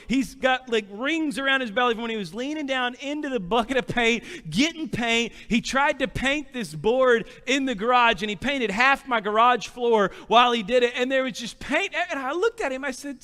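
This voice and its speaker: A man in his thirties, a pastor preaching a sermon with animated storytelling, acting out quotes and rising to shouts. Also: very high voice, moderate pace, hardly any pauses. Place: church hall. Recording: long hall reverb.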